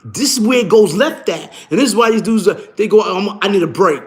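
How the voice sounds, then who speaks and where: A middle-aged man chatting casually on a livestream, animated and slangy, swearing often. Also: high voice, brisk. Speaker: livestream host.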